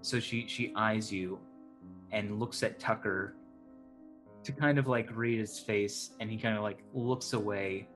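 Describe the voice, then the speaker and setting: Soft music plays in the background as a fairly low-pitched man serves as tabletop game master, narrating in an easygoing, stop-and-start way with many fillers.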